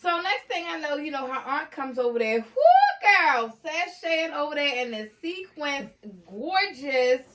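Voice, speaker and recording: A woman vlogger telling a story casually, animated and laughing often, jumping into excited voices as she retells what happened. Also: sits high, normal speed, hardly any pauses.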